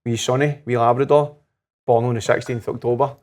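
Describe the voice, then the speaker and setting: Scottish man, 30s, podcast guest, mid-pitched, animated anecdotes with quoted voices. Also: a little fast, a little hiss or hum. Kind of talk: casual chat over whisky. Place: whisky lounge.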